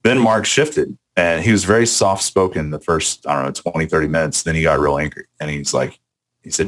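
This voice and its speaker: A man's voice: extremely low pitch, normal speed, fairly bright tone. A man in a played interview clip, recounting a meeting in a matter-of-fact storytelling way, acting out what others said. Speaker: former staff member recounting a meeting.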